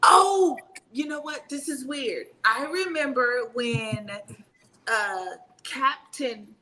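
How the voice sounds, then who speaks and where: A woman in her fifties, a retired Army sergeant major, telling stories in a casual interview, animated and laughing as she talks. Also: high voice, takes it slowly, a little hiss or hum, low-quality recording.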